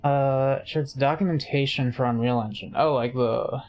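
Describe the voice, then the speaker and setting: A man's voice: mid-range voice, normal speed, darkish tone, highs cut off. A man streaming a game, chatting casually in a rambling, jokey way while he reads chat.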